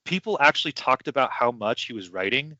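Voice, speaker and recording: A man's voice: medium pitch, expressive, fairly quick, pushed and bright, dry recording. A man hosting a podcast in casual chat, rambling and hesitant with many restarts. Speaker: podcast host. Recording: dull lo-fi sound.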